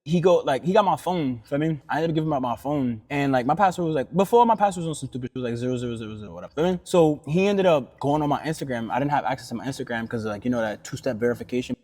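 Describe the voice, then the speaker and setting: A man's voice: mid-range voice, rapid-fire, hardly any pauses, a little mellow, in a large hall. A young man telling a story casually and animatedly, acting out the quotes in heavy slang.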